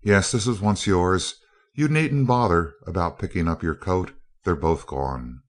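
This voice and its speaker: A man voicing a calm, cool-headed young woman in an audiobook, speaking deliberately. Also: sits low.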